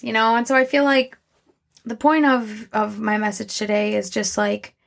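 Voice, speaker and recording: A young woman hosting a podcast, talking candidly in a reflective personal monologue, halting and full of restarts. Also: medium pitch, vocal fry, fairly bright tone. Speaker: podcast host.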